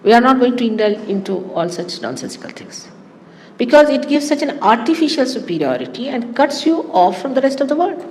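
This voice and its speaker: A woman giving a spiritual talk to her followers in an animated, teasing way, often laughing. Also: on the high side, fairly quick, big-room sound, a little hiss or hum. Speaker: spiritual teacher.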